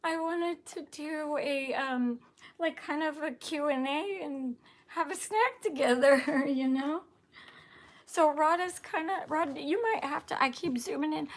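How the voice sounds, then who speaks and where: A woman's voice: high voice, measured pace. A woman hosting a casual live stream, bubbly and gushing, laughing often as she chats with viewers. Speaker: livestream host.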